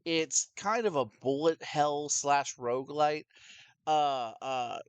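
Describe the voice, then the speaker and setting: A young man co-hosting a casual gaming chat, rambling and animated, with many restarts. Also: on the high side, slow, clear, resonant tone, no echo. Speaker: podcast co-host.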